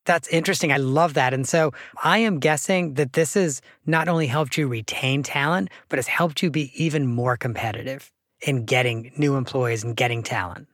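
Podcast host guy, mid pitch, lively storytelling, dry close mic. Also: normal speed, dry recording. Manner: animated storyteller, affirming. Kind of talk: casual interview conversation.

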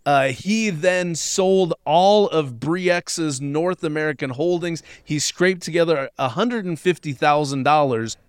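Smooth-voiced man telling a story. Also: a little high, unhurried, few pauses, dry recording, studio quality. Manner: wry, conversational, lots of fillers. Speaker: podcast co-host. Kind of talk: casual storytelling podcast chat.

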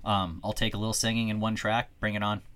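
A man's voice: on the low side, clear, resonant tone. A man co-hosting a podcast, bantering casually and profanely about music. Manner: lively, profane, quick banter. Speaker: podcast co-host. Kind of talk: casual music review chat.

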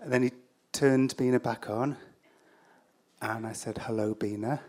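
An English man telling a story live to an audience, wry and self-deprecating, with halting fillers. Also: mid-range voice, steady tone, a little mellow.

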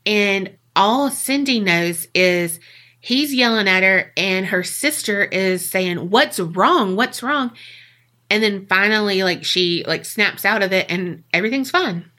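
A female podcast co-host tells a strange tale in a loose, chatty way, swearing freely as she goes. Her medium-pitched voice is bright and forceful, and she speaks a little slowly.

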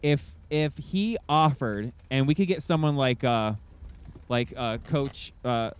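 A man's voice: mid-range voice, slow, clean tone. A man hosting a podcast in casual chat, reacting readily and laughing along. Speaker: podcast host.

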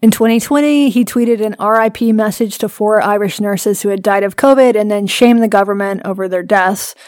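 A woman's voice: medium pitch, normal speed, a little mellow, no room sound, studio quality. A woman co-hosting a podcast, recounting a story in a wry, casual way and laughing often. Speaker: podcast co-host. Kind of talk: casual chat.

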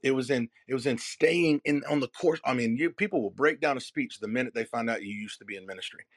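A man's voice: medium pitch, dry recording. Emphatic man giving a motivational keynote. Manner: emphatic, preacher-like cadence with dramatic pauses and repeated phrases. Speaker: keynote speaker and messaging coach. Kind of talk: motivational keynote to a live audience.

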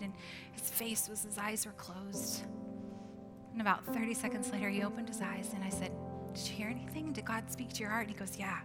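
A woman in her forties preaching a sermon, moving from earnest exhortation to soft whispered asides and playful family storytelling. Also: medium pitch. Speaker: pastor.

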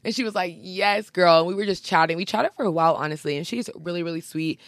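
A woman's voice: lowish voice, very fast, no echo, clean studio sound. A young woman hosting a podcast, chatting casually and gushing with lots of slang. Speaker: podcast host. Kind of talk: casual chat.

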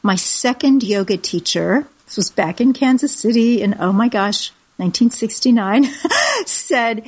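A woman in her seventies interviewing a guest in an effusive manner, quick to laugh. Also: a little high, sing-song, husky. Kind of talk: casual interview chat.

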